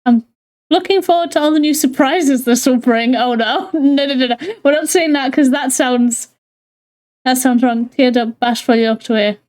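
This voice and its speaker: Giggly high-voiced woman streamer. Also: moderate pace, darkish tone. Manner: giggly, laughs often, chatty asides to chat. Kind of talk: casual reading a visual novel live.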